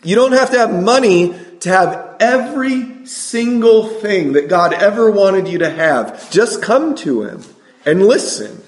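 A middle-aged man preaching a sermon, energetic and asking the congregation questions. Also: high-pitched, a little slow, reverberant.

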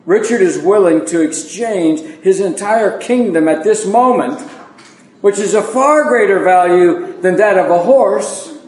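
A man's voice: sits high, darkish tone, echoey room, low-quality recording. A man preaching an evening Bible lesson in a conversational sermon style, folksy and self-deprecating, with plain asides to his congregation.

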